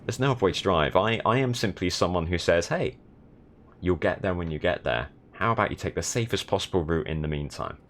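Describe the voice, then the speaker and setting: Deep-voiced man with dry, sardonic commentary. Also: fast talker, few pauses, a bit bright. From south of England. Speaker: streamer. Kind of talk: casual gaming stream chat.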